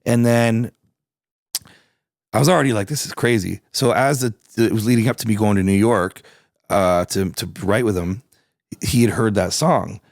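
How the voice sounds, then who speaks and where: A middle-aged man with a Canadian accent, a musician guest telling stories in a casual interview, relaxed and swearing freely. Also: fairly low pitch, moderate pace, no echo, clean studio sound. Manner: relaxed, swears freely, animated when quoting people.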